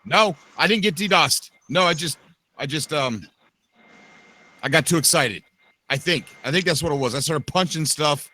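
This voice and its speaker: A man hosting a casual live podcast, excitable and quick to raise his voice. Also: on the high side. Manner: excitable, animated, quick to shout. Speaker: podcast host. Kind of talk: casual livestream chat.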